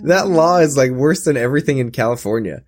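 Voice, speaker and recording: A young man co-hosting a comedy podcast, full of joking banter. His voice swings widely in pitch, lively and expressive. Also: fast, a little hiss or hum. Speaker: podcast co-host. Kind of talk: casual comedic podcast chat.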